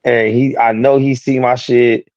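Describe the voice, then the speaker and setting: A streamer co-host is deep in a heated, profane rant on a streamed talk show, breaking into sharp, raised-voice quotes of other people. His medium-pitched voice moves little in pitch and keeps a measured pace. The audio is dull and muffled, completely dry with no room sound.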